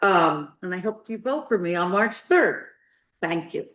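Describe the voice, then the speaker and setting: Town board candidate, man, fairly high voice, measured speech, roomy hall sound. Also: lively intonation, fairly bright tone, dull audio, slight background noise. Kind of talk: prepared campaign speech. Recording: echoey meeting room.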